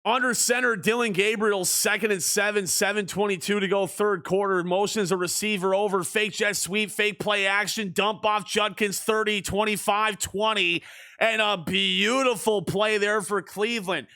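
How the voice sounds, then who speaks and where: A young man streaming a football video game, calling the plays like a sports commentator and shouting on big plays. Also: sits high, steady tone, moderate pace, clean tone. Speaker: streamer doing play-by-play.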